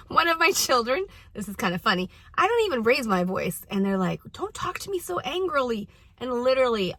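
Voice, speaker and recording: Bright, emphatic middle-aged woman coach. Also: fairly high pitch, no room sound. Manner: earnest and emphatic, repeats key points. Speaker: parenting coach and show host. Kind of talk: casual advice talk to camera. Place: at a youth sports practice.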